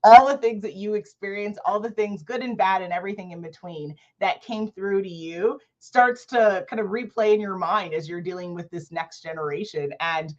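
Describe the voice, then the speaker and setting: A woman in her thirties hosting a casual livestream book chat, animated and laughing often as she reads affirmations aloud. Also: medium pitch, moderate pace, hardly any pauses, muffled recording. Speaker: host of an online book club.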